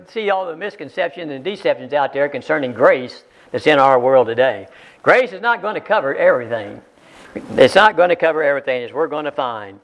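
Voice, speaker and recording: A man preaching a sermon, emphatic, repeating key phrases for weight. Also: sits high. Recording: dull lo-fi sermon recording.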